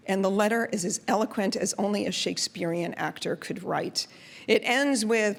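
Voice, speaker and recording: A woman telling a personal story on stage in a lively, chatty, expressive way. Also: mid-range voice, measured pace.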